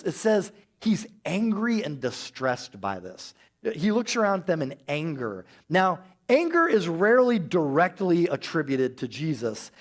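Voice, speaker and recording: A male pastor giving a lively sermon, acting out the voices of the people in the story as he goes. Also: high-pitched.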